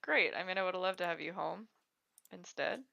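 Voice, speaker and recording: Bright, chatty woman on a livestream. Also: on the low side, a little fast, gravelly. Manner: chatty, rambling, laughs often. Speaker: co-host. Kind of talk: casual livestream chat.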